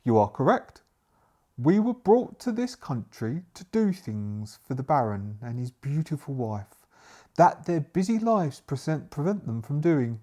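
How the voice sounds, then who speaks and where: A man's voice: a little high, big pitch swings, a little slow, warm tone, pitched above the performer's own voice. A man voicing a hunchbacked male butler who speaks formally and courteously in a solo tabletop game. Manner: formal, stately speech.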